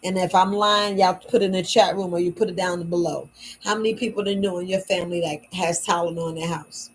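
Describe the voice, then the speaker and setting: A tired, worn-out woman chatting late at night in a low voice. She talks casually to her viewers as a shop owner, repeating words for emphasis in folksy phrasing. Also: steady tone, quick pace, slight background noise, poor audio. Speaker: herbal shop owner selling wellness patches. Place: at home at night.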